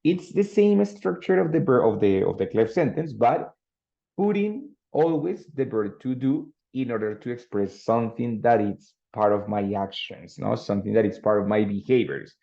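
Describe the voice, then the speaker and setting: A man with a lowish, gravelly, mellow voice teaches an English grammar lesson at a moderate pace, sounding animated as he explains patiently and checks in with students using "no?" and "ready?". Spanish is his first language, and the recording has a dull lo-fi quality.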